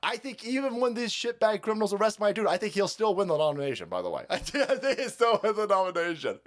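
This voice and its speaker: Livestream rant, profane, sarcastic, mocking viewer comments, lively swooping pitch. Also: fast talker. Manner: reads and mocks viewer comments. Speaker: livestream host.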